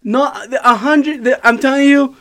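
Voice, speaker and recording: A man, casually telling an animated, profanity-laden story on a podcast and laughing as he goes. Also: extremely high pitch, measured pace. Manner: animated, swears a lot, laughs while telling. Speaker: podcast host.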